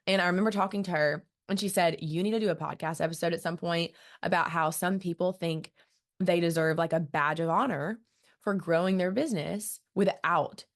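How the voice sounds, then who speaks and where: A woman in her thirties hosts her own podcast in a casual solo monologue. Her voice sits a little low, and she sounds eager and sincere, talking warmly and freely to her audience. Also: fairly quick. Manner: enthusiastic, earnest and chatty. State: emotional, close to tears. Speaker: podcast host.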